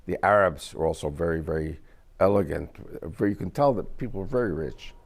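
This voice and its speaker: A man's voice: deep voice, lively intonation, fairly quick. A man giving a lecture-style talk to an audience, telling stories emphatically and quizzing listeners with questions. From United States. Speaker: speaker to an audience.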